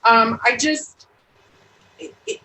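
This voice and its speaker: A woman from Texas, guesting on a podcast, answers in a plain, matter-of-fact way with a high voice. Her sound carries a roomy echo. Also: takes it slowly, pushed and bright. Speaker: guest, process server. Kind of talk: casual interview chat.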